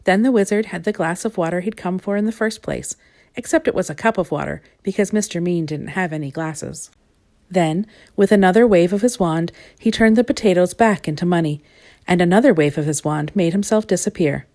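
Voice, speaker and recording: A woman reading a children's picture book aloud with gentle, expressive storytelling. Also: lowish voice, brisk. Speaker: storybook reader.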